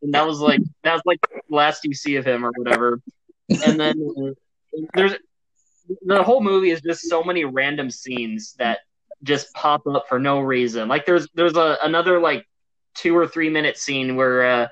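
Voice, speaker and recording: A man's voice: a little high, normal speed, a bit bright, low-quality recording. A man co-hosting a casual movie podcast, rambling through a story with many fillers and restarts. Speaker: podcast co-host. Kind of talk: casual chat about movies.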